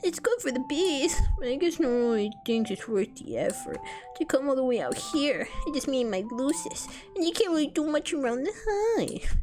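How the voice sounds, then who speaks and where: A woman's voice: high voice, sing-song, moderate pace, a little mellow, soft background music, pitched above the performer's own voice. A woman voicing an eager, lonely young male troll who turns sulky, reading his lines from a game.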